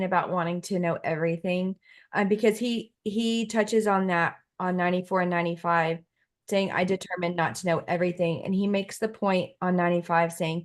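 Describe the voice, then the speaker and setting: A woman in a casual video-call discussion, earnestly quoting a book and relating it to her work. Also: lowish voice. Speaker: book study participant.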